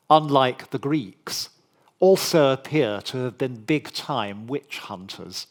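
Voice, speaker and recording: A man giving a formal public history lecture in a measured, deliberate way, with dry asides. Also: medium pitch.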